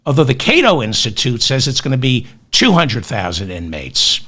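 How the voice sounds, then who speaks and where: A man's voice: medium pitch, huge pitch swings, moderate pace, pushed and bright. A man hosting a comic news podcast, sardonic and exasperated, mixing rants with asides into his webcam. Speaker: podcast host. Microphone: webcam with automatic tracking.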